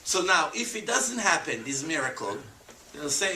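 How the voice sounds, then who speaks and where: A man, giving an animated lecture to an audience as a rabbi and acting out the voices of skeptics. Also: fairly high pitch, normal speed. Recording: echoey room, voice from far off, faint background noise.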